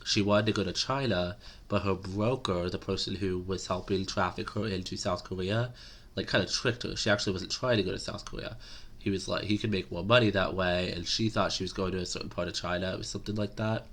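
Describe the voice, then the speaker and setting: A man's voice: deep voice, fairly even intonation, a little fast, a bit bright. A man giving casual political commentary to camera, rambling and opinionated with many fillers.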